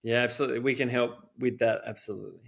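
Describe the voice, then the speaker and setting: A man's voice: mid-range voice, fairly even intonation, racing, gravelly, fairly bright tone. A middle-aged man answering interview questions in an earnest, rambling way, with many "you know"s. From Australia. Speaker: guest expert on child safety.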